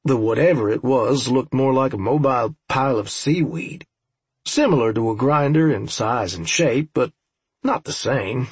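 A man's voice: medium pitch, lively intonation, moderate pace, slightly rough, dry recording. A man narrating an audiobook in the first person, with a dry, wry, profane manner.

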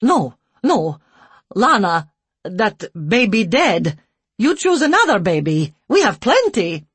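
A woman's voice: medium pitch, big pitch swings, takes it slowly, slightly rough, dry recording, voice pushed up, heavily acted. A woman voicing a large, brusque female orphanage care worker who speaks curt, broken English.

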